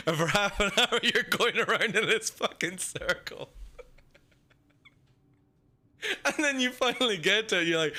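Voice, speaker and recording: A man's voice: high-pitched, expressive, moderate pace, pushed and bright. A young man from the UK chatting casually on a livestream, rambling, swearing and laughing as he reads chat. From United Kingdom. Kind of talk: casual stream chat, reading chat.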